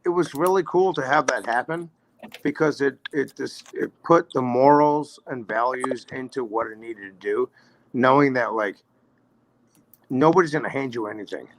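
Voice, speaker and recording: With a slight hiss or hum in the background, a mid-range-voiced man in his forties speaks at normal speed. He's a bass player guesting on a podcast, telling casual stories with easygoing profanity and frequent use of "man."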